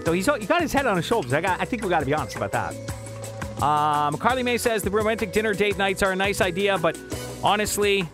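With music playing behind him, this morning radio host reads listener texts and chats in a quick, animated, high-sitting voice. Cheerful and easily amused, he restarts frequently, speaking into a studio microphone in the radio studio.

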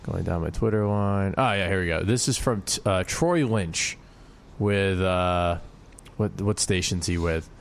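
A man's voice: sits low, measured pace, vocal fry, a little hiss or hum. A young man co-hosting a casual radio show, rambling with many fillers. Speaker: radio co-host.

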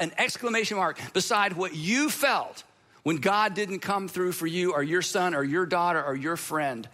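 A male pastor with a high, ringing voice preaches with earnest emphasis. He leans into repeated phrases, then falls to a near hush for effect. His tone stays bright and forward throughout. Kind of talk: sermon.

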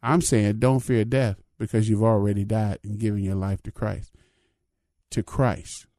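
A man's voice: fairly low pitch, flat delivery, a little slow, warm tone, no echo, studio quality. An older man, a pastor, giving an informal spiritual reflection in a conversational way, often asking "you know what I mean".

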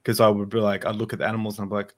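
A man's voice: lowish voice, level tone, racing. A man telling a personal story in casual conversation, rambling and restarting his sentences, with self-deprecating asides. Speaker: podcast co-host.

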